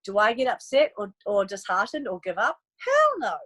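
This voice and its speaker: A woman's voice: mid-range voice, moderate pace, few pauses, rough recording. A young adult woman giving a casual, upbeat training talk to her sales team, acting out chats with prospects as she goes. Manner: bubbly and animated, acts out chats with prospects in upbeat voices. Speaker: network marketing coach on a team training call.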